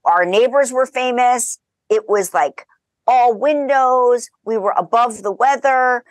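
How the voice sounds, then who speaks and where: A woman as a podcast guest, telling lively anecdotes in casual chat and laughing as she goes. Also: on the high side, takes it slowly, no echo. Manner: animated, chatty, laughs through her stories.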